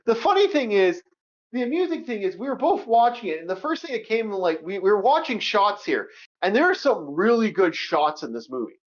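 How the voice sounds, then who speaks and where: Man, casual movie review chat, swearing, repetitive, lively pitch, dull lo-fi recording. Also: a little fast. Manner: animated, swears a lot, repeats himself. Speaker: co-host of a movie review show. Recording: dull lo-fi sound.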